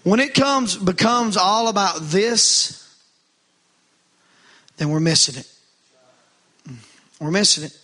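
A man's voice: sits high, takes it slowly, long pauses, sharp tone. A middle-aged man preaching a sermon, calling out to the congregation with rising fervor.

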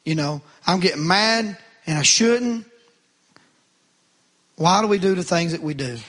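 A man's voice: sits high, animated, unhurried, a bit bright. A middle-aged man preaching a sermon, calling out to the congregation with rising fervor.

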